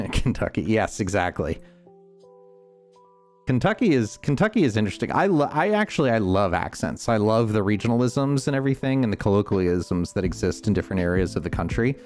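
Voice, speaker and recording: A man with a Northeastern US accent and a low, deep voice chats casually over a game stream. He rambles thoughtfully and often restarts his sentences. Soft music plays faintly behind him. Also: big pitch swings, a little fast. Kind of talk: casual gameplay chat.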